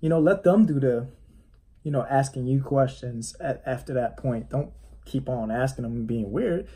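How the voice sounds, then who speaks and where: A man's voice: medium pitch, moderate pace, dark tone, husky. A man, a real estate agent, talking casually on a vlog, giving rambling coaching advice with many restarts. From United States. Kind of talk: casual motivational vlog talk.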